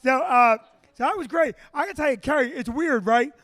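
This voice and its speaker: Chatty comedy host guy, really high voice for a man, dry close sound. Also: normal speed, a bit bright, dry recording. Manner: chatty, loose and joking. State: hard of hearing. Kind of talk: hosting a comedy show.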